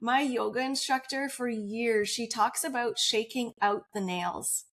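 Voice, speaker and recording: A woman's voice: fairly high pitch, a little slow, fairly bright tone. A woman guest on a podcast interview, telling her personal story in an open, earnest way and laughing often.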